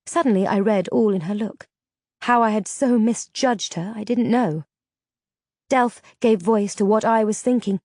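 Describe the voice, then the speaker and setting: A woman narrating a fantasy novel in the first person with steady storytelling. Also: mid-range voice, measured pace, no room sound, clean studio sound. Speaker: audiobook narrator.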